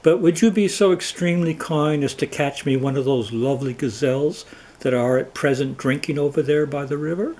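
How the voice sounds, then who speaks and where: A man voicing a starving, proud male lion king who begs in a high, whiny voice for a cartoon folktale. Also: lively intonation, unhurried, a little mellow, low-quality recording. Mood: pleading.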